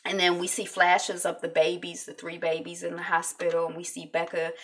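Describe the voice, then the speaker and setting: A woman's voice: lowish voice, completely flat delivery, fairly quick, background noise. A woman chatting casually as she recaps a TV episode, full of likes and ums.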